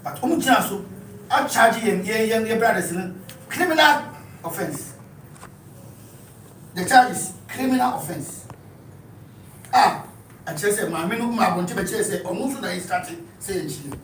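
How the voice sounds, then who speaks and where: A man's voice: high-pitched, fairly quick, a bit bright, slight background noise. A Ghanaian man giving an impassioned address at a meeting, speaking emphatically and mixing in English phrases, recorded in a room from a distant mic. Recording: echoey room, mic far off.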